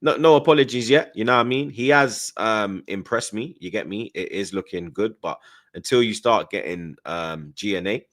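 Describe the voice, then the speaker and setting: A man's voice: lowish voice, moderate pace, a bit bright. A man hosting a casual live-stream football chat, heavy on slang and tag questions. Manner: London slang-heavy, says 'blood' and 'you get me' often. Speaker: host.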